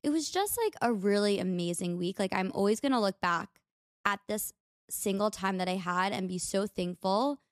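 A young woman with an American accent chats her way through a story, upbeat and full of "like". Her voice sits at an ordinary middle pitch. The sound is dry and close, with no room echo. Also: normal speed. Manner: chatty, peppered with "like", upbeat. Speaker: podcast host. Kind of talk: casual storytelling monologue.

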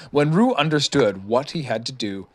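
A man reading a storybook aloud to a child, lively and expressive. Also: mid-range voice. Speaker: reader.

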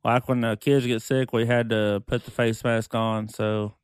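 A man chatting as a podcast guest, blunt and cursing constantly. His voice is clear and smooth at a middle pitch. The sound is dry and close-miked. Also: flat delivery, measured pace, no room sound. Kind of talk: casual chat.

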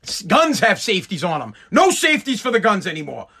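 Very high-pitched ranting sarcastic man. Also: wildly swooping pitch, a little fast, vocal fry, bright, forceful tone, husky. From United States. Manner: sarcastic, mocking, profane. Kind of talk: profane live-stream rant.

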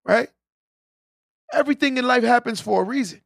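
High gravelly man giving a pep talk. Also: a little fast, pauses often, fairly bright tone, dry recording. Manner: preachy, repeats key lines and tags them with "right?". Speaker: podcast host on a live stream. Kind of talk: motivational talk to live viewers.

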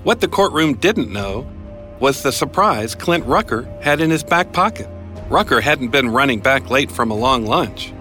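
A man hosting a true-crime podcast, narrating a scripted account in a crisp, matter-of-fact way. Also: mid-range voice, animated, moderate pace, pushed and bright, faint music behind. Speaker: podcast host and reporter.

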